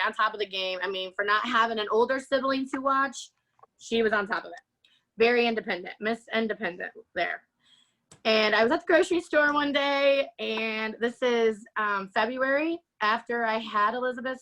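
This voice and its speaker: A woman shares her personal testimony as an interview guest. Her voice sits a little high, and she tells it animatedly, slipping into the voices of the people she quotes and laughing often. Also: bright, forceful tone, poor audio.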